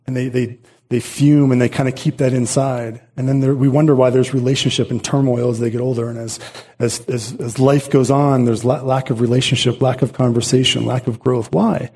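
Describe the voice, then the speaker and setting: A middle-aged man preaches with a mellow, dark tone and a slightly husky edge. He speaks earnestly and repeats his phrases for weight, often restarting mid-thought as he drives his points home. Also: medium pitch, little pitch movement, fairly quick. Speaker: pastor. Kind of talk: sermon.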